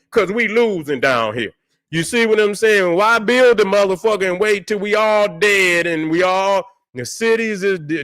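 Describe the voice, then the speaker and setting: High-pitched, fiery, swearing male host. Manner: loud, fiery and repetitive, swearing constantly; calls out to viewers, drawling and mocking at times. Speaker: channel host. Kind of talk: profane livestream rant.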